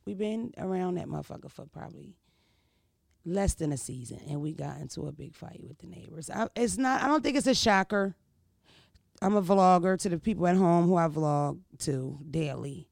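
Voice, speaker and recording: A woman's voice: fairly low pitch, moderate pace, vocal fry, darkish tone, dry recording, clean studio sound. A woman in her thirties, a vlogger, telling stories in a blunt, profane, casual way and often checking in with the listener. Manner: blunt, profane, keeps asking "you know what I mean". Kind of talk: casual storytelling chat.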